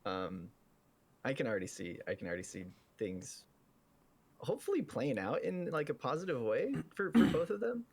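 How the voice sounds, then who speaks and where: A man's voice: mid-range voice, sing-song, normal speed, gravelly, a little mellow, husky. A man hosting a podcast in casual chat, hedging and restarting his sentences. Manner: hesitant, hedging, repeats himself. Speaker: podcast host.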